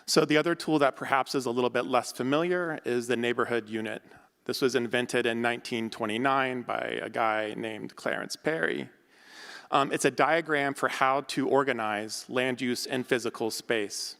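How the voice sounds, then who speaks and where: A man from the United States, an architect and academic, gives a conference lecture quickly, with plenty of ums and uhs. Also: medium pitch, fairly even intonation, gravelly, fairly bright tone, long reverb tail. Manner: quick, loose delivery with frequent ums and uhs.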